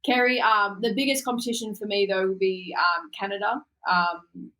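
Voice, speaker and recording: A woman's voice: mid-range voice, moderate pace, rough recording. A young Australian woman, a boxer being interviewed, talking casually with lots of fillers and easy laughter. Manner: relaxed, laughs often, trails off into fillers. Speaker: guest boxer.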